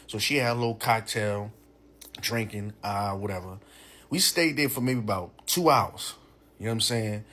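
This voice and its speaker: A young man, telling a profane, animated personal story in a casual way. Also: lowish voice, normal speed. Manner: animated, profane, full of "you know what I'm saying".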